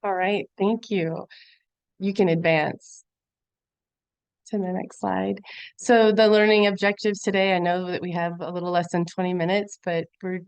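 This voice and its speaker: A woman's voice: on the low side, steady tone, normal speed, a little mellow, clean tone, no room sound. A woman giving a conversational webinar presentation over a video call, earnest and filler-heavy. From Montana. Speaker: guest presenter.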